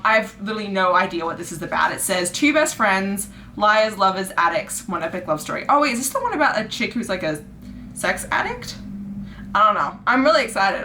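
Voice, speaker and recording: A woman book vlogger unboxing packages in a casual vlog, gushing and squealing with excitement. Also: medium pitch, background noise.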